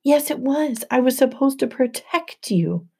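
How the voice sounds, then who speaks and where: A woman's voice: sits high, lively intonation, unhurried, creaky, warm tone, slightly rough, voice pushed up, heavily acted. Woman voicing a timid stammering teen satyr boy. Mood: upset. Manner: sniffly, stammering, apologetic. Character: anxious teenage male satyr, timid and guilt-ridden.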